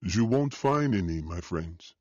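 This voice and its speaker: A man voicing a wiry, wary man in his late forties with a thick French accent, calm and evasive in a formal way. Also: low voice, unhurried, no echo. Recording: dull dry audio.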